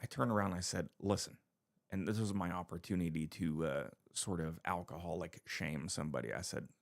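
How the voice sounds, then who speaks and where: A man's voice: low-pitched, fairly quick, gravelly, no room sound, studio quality. A man on a casual podcast chat, telling stories animatedly and acting out what people said. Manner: animated storytelling, acts out quotes. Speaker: podcast co-host.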